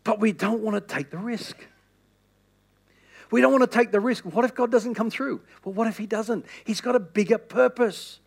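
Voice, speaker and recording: High-voiced man preaching with passion. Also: normal speed, vocal fry. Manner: impassioned, repetitive appeals that swing between loud and hushed. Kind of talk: sermon.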